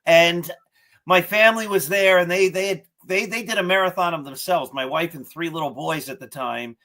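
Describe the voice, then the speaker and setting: A man's voice: fairly high pitch, normal speed. A middle-aged man hosting an interview podcast, chatting casually and laughing as he tells stories. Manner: animated, laughs while telling stories. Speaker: podcast host.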